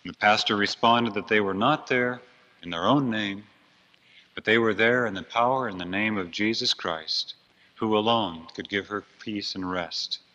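A man's voice: fairly low pitch, normal speed, pushed and bright. A man preaching a storytelling sermon, earnest and dramatic, swelling on key phrases. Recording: dull lo-fi recording.

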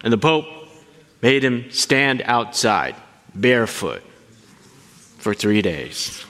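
Animated male preacher in a reverberant hall. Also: medium pitch, takes it slowly. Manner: animated, asks the congregation questions. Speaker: pastor. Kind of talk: sermon.

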